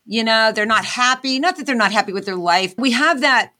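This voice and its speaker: A woman's voice: on the high side, fairly quick, sharp tone. A woman guest in an interview, talking earnestly about her path as an inventor and motivational speaker. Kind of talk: candid interview talk.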